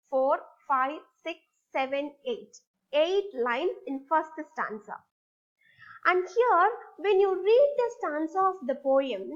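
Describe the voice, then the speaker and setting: Slow, high-voiced teacher. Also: female voice, dull audio. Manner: slow, patient, with repeated prompts to the class. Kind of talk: recorded online English lesson.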